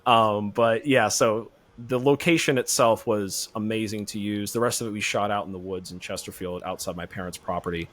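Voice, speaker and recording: A man being interviewed as a filmmaker guest on a podcast, talking in a relaxed, rambling way. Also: on the low side, normal speed, hardly any pauses.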